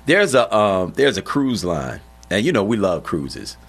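Animated conversational man hosting a show. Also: on the low side, measured pace. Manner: animated, conversational, lots of "you know what I'm saying". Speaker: podcast host. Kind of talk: casual chat.

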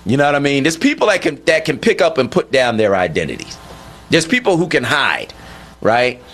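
A man hosting a talk radio show, conversational and animated, rising in pitch when indignant. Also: a little fast. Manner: conversational with frequent "you know what I mean". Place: radio studio.

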